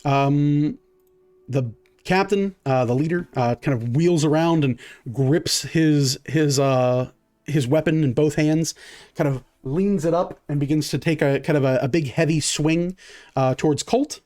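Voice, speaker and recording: A man with a slightly high voice runs a tabletop game as game master. He narrates the action casually, stopping on "uh" fillers and tallying up dice out loud. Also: a little slow. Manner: relaxed, many "uh" fillers, counts out dice.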